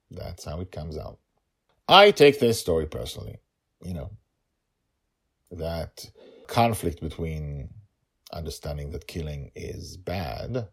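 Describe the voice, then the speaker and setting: A man's voice: very deep voice, creaky, darkish tone, slightly rough. A man narrating a story and reflecting on it in an emotional, thoughtful way.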